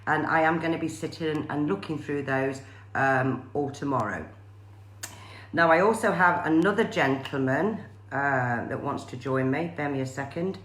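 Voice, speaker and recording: A woman psychic medium, doing a live-streamed spirit reading in a halting way full of fillers and pauses. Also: deep voice, a bit bright, reverberant. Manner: hesitant, many fillers and pauses.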